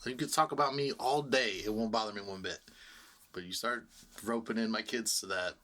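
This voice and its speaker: A man's voice: on the low side, fairly even intonation, brisk, sharp tone. A middle-aged man on a podcast, casually telling a heated personal story with lots of swearing. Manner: storytelling, swearing, laughs often. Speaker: podcast co-host.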